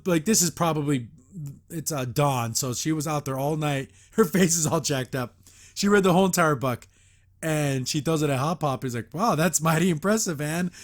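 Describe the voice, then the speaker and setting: A man hosting a casual episode review, rambling with plenty of fillers and frequent chuckles as he recaps. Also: a little high. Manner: chuckles often while recapping. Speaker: host.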